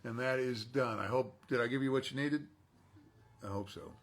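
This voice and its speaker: Gravelly man chatting while signing. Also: medium pitch, moderate pace, fairly bright tone. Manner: chatty, talks to himself while working. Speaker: voice actor signing autographs. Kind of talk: casual chat while signing.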